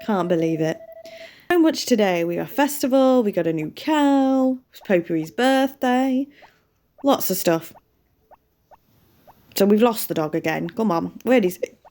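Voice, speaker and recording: A woman's voice: mid-range voice, animated, measured pace, long pauses, darkish tone. Chatty British woman narrating gameplay. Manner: chatty, self-mocking, laughs often. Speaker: gaming channel host. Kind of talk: casual let's-play commentary.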